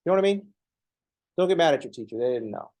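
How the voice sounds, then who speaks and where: A man's voice: fairly high pitch, lively intonation, fast, a little mellow, rough recording. A man teaching a math class in a loose, profane, conversational way, acting out little dialogues between students and teachers. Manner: casual, profane, acts out dialogues. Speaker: math instructor. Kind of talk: informal lecture.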